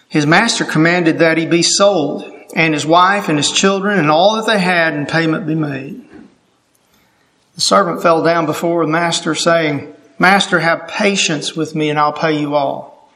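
Guy preaching, high voice, earnest and emphatic, asks the crowd questions. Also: fairly bright tone. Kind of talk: sermon.

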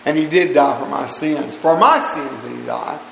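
A man's voice: medium pitch, normal speed, vocal fry, fairly bright tone, slight background noise. A middle-aged man preaching a sermon with fervent, repeated rhetorical questions. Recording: hall reverb.

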